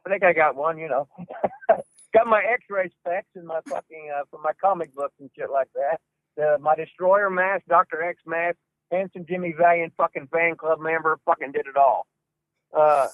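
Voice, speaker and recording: A man's voice: fairly high pitch, moderate pace, no echo. An older man, a wrestling trainer, tells stories in a profane, ranting way, cursing constantly. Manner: ranting, heavy cursing, gruff Southern drawl. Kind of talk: profane storytelling interview. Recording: dry phone-line sound.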